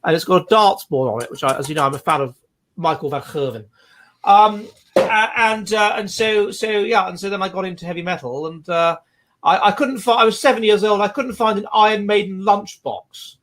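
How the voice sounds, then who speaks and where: A man's voice: sits high, a little fast, fairly bright tone, slight background noise. A man, hosting a livestream and reading out viewer comments in a rambling, digressive way. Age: 40s. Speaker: livestream host.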